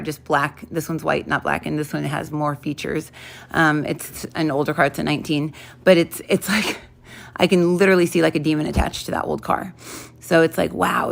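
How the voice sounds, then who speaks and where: A woman's voice: low-pitched, gravelly, a bit bright. A woman in her thirties teaching intuition in a casual, rambling talk to camera, full of fillers and restarts. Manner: rambling, self-interrupting, many fillers. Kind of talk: casual spoken lesson to camera.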